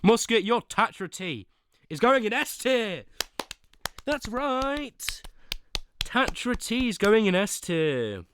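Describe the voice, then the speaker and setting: A man's voice: high-pitched, very animated, slow pace, a bit bright, slight background noise. A young man streaming casual chat, ranking teas with whiny pleading and sudden dramatic outbursts.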